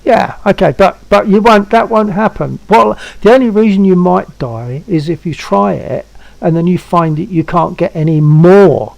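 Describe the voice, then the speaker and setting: A man's voice: high-pitched, normal speed, vocal fry, no room sound, rough recording. A man in his seventies hosting a stream, chatting casually and coaxing a friend to try something. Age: 70s. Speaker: stream host. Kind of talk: casual chat.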